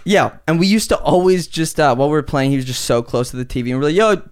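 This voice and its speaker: A man's voice: on the high side, lively intonation, quick pace, clean tone. A young man telling a story in casual chat, rambling, swearing a lot and laughing often.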